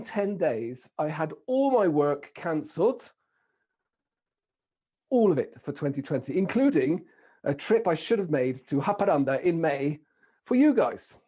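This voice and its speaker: Mellow British man giving a keynote. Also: a little high, measured pace. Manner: lively, playful and engaging. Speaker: keynote speaker. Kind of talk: online keynote talk. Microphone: video call microphone.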